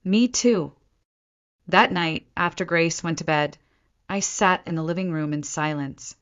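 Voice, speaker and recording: A woman narrating a first-person story in a measured storytelling way, on a dull lo-fi recording. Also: deep voice, steady tone, fairly bright tone, clean tone.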